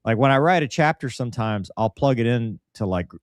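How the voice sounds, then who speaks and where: A man's voice: mid-range voice, animated, fairly quick, smooth, no room sound, studio quality. A man hosting a podcast, chatting casually and animatedly, often mimicking the voices of people he quotes. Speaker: podcast host.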